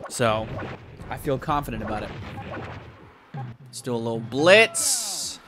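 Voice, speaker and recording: A young man commentating his own video game play, swearing and shouting at the game in bursts. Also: medium pitch, measured pace, faint music behind. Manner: excitable, profane, yells at the game. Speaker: gaming YouTuber.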